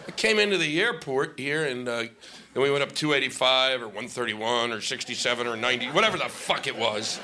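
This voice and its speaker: A man's voice: medium pitch, fairly quick, a crowd in the background. A male stand-up comic doing a profane, ranting set on stage into a microphone. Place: comedy stage with audience laughing.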